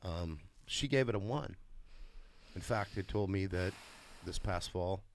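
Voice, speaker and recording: Gravelly low-voiced man telling his story. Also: unhurried, slight background noise. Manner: emotional, profane, rises to bursts of excitement. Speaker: father sharing his story. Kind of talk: candid testimonial talk.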